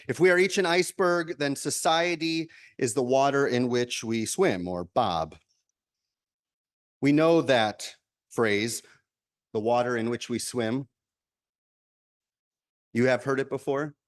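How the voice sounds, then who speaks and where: A male minister giving a measured, reflective sermon, repeating key lines for emphasis. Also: medium pitch.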